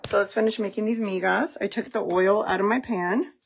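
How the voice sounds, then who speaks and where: Chatty woman with vocal fry. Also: mid-range voice, steady tone, fairly quick. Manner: chatty, talks to viewers and child while cooking. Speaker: home cook vlogger, mother. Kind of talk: casual cooking vlog. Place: home kitchen. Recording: background kitchen noise.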